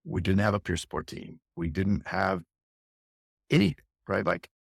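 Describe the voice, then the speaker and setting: A man's voice: deep voice, big pitch swings, a little slow, creaky, husky, dry recording, studio quality. A middle-aged man, a fire captain, recounting a harrowing experience intensely and candidly in an interview, often restarting his phrases. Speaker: fire captain, podcast guest.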